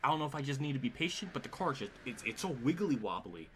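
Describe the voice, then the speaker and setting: Male streamer, live racing gameplay, profane and exasperated, pitch jumps all over, room noise under the voice. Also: big pitch swings, quick pace. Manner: frustrated, profane, swearing often at the game; mutters and laughs under his breath. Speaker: streamer playing a racing game.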